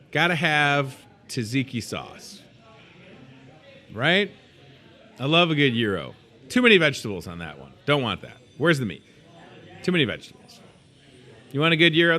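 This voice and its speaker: A man hosts a store's daily show in a casual, chatty way. His voice is bright and forward, and his pitch swings up and down a lot. He riffs jokingly on food with playful asides. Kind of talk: casual chat.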